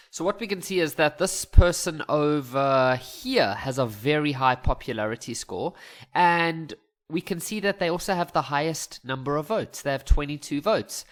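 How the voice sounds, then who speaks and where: Chatty maths teacher. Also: male voice, mid-range voice. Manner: chatty, thinks aloud, joking asides. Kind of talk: casual explanatory lesson voice-over.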